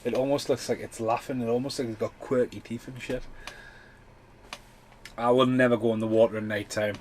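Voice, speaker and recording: A man's voice: medium pitch, little pitch movement, a little fast, darkish tone, slight background noise, low-quality recording. Rambling, sweary man. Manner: rambling, sweary, loose chatty delivery. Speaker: podcast host. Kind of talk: casual film commentary.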